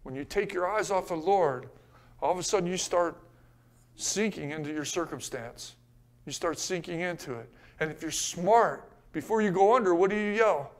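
A man pastor preaching a sermon, asking the congregation rhetorical questions and swinging between hushed and loud passages. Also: high voice, moderate pace.

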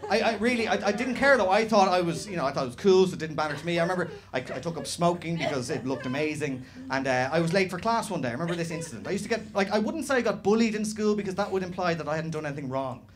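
Young Irish stand-up, animated and sweary, slightly high voice, live club with audience laughter. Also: male voice, very fast, hardly any pauses, a crowd in the background. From Ireland. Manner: animated, swearing, shouted impressions. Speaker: stand-up comedian. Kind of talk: stand-up comedy set. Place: small comedy venue with live audience.

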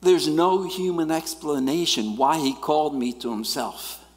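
A middle-aged man, preaching a sermon and telling stories in an animated way, swinging between loud and quiet. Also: fairly high pitch, measured pace. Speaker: guest preacher. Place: church sanctuary. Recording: church hall reverb.

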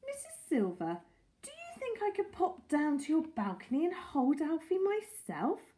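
Woman doing a mild, polite old gentleman. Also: sits high, wildly swooping pitch, unhurried, pitched above the performer's own voice, exaggerated voice. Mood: eager. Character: shy, gentle older gentleman neighbor.

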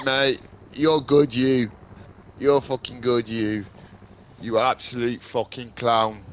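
Casting a man as a gaming streamer, loud sweary outbursts and quiet self-talk, with noisy game sound and sirens behind. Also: medium pitch, little pitch movement, slow. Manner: swings from shouting and swearing to muttering to himself. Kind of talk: casual gameplay commentary.

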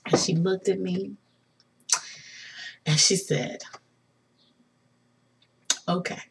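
A young woman telling an excited personal story for her vlog, laughing and swinging from hushed tones to shrieks. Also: fairly low pitch, slow, creaky, a little hiss or hum. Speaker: vlogger.

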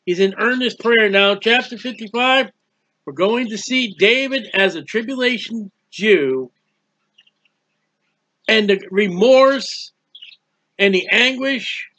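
Guy doing a bible study, high bright voice, really emphatic, acts out the quotes. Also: takes it slowly, long pauses. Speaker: Bible teacher. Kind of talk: conversational Bible teaching.

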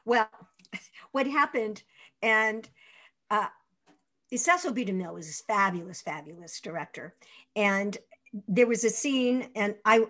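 Older woman telling a lively anecdote. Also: medium pitch. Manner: lively, laughing raconteur acting out quotes. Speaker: actress guest. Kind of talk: anecdotal interview storytelling.

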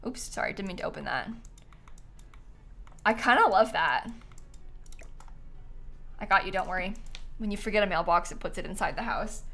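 A woman's voice: medium pitch, expressive, normal speed, long pauses, fairly bright tone. A young woman doing casual live-stream commentary as she tours viewer builds, bubbly and giggly, gushing over what she sees.

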